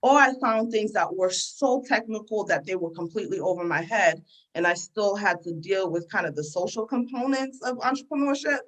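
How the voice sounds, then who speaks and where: A woman's voice: mid-range voice, normal speed, rough recording. Female entrepreneur guest with an American accent, earnest and conversational, mid-range voice. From Sierra Leone. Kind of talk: interview answers.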